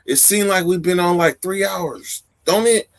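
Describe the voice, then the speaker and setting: A man's voice: high-pitched, measured pace. A man chatting casually on a live stream, laid-back, with drawling slang.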